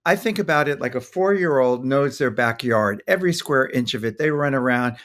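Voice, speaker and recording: Man, older, pediatrician, podcast guest, thoughtful, mid-pitched voice. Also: expressive, fairly quick, fairly bright tone. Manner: thoughtful, acts out soothing toddler talk. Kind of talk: podcast interview.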